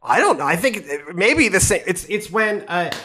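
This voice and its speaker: A man with a fairly high voice hosts a church podcast. He talks in a loose, rambling way, full of restarts and self-mocking asides. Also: big pitch swings, moderate pace, pushed and bright, slight background noise. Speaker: podcast host and pastor. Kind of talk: casual podcast conversation.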